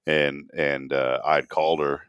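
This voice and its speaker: A middle-aged man co-hosting a morning show, telling stories in a lively way and laughing often. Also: rumbling low, unhurried, clear, resonant tone, no room sound, clean studio sound. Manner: animated storyteller, laughs often. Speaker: radio show co-host. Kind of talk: casual chat.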